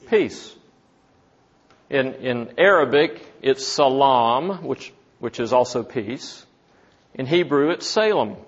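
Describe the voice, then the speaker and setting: A man teaching from the Bible in a sermon, slow and deliberate, asking his listeners questions. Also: medium pitch, lo-fi sound. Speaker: preacher.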